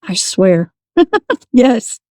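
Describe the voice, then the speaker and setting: A woman, a paranormal investigator telling her stories as a guest in a casual, animated way. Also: medium pitch, drawn-out words, no room sound, clean studio sound. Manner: animated, laughs often, restarts sentences. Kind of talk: casual storytelling.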